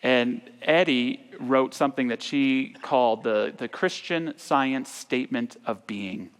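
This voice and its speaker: A man's voice: mid-range voice, unhurried, smooth. A man giving an earnest sermon as minister, his voice sometimes falling almost to a whisper. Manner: earnest, with soft drops to near-whispers. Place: large church sanctuary. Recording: long church reverb.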